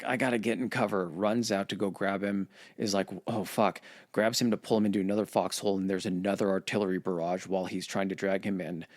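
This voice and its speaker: A man casually retelling war history on a podcast, swearing and acting out quotes in voices. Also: deep voice. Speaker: podcast host.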